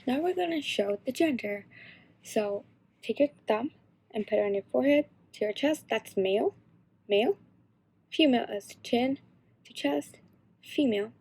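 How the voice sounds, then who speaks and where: A teenage girl explaining signs in a casual, halting tutorial. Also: a little high, animated, a little mellow, slight background noise. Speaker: sign language instructor.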